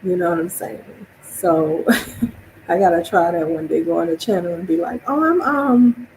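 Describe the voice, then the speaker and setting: A woman's voice: fairly low pitch, fairly even intonation, normal speed, vocal fry, background noise. A woman from New Orleans with a New Orleans accent, streaming a casual monologue, chatty and laughing often as she acts out her own reactions.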